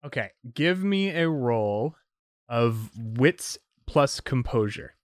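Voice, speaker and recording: A man's voice: medium pitch, lively intonation, slow pace, dry recording, studio quality. A man narrating as game master of a tabletop role-playing game, loose and full of hedging fillers.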